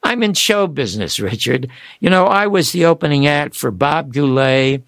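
An older man, an author and radio talk show guest, telling animated stories and acting out the people he quotes. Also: a little high, moderate pace, no room sound. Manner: excitable, quotes people in acted voices.

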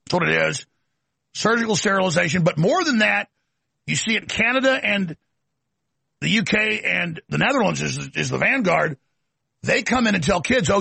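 A middle-aged male host rants through a political monologue in a high, very gravelly voice. His tone is bright and slightly husky, and the sound is dry and close. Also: no room sound. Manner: ranting, emphatic, rambling. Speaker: talk show host. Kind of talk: political talk-show monologue.

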